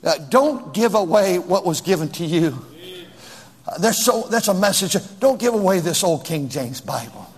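A man's voice: high voice, expressive, moderate pace. A pastor preaching a sermon, reading scripture and pressing his points with emphatic, repeated exhortations. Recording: long church reverb.

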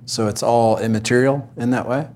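A man's voice: mid-range voice, steady tone, moderate pace, darkish tone, a little hiss or hum. A man, a pastor, candidly sharing a personal story of hardship on a Christian panel. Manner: candid, reflective.

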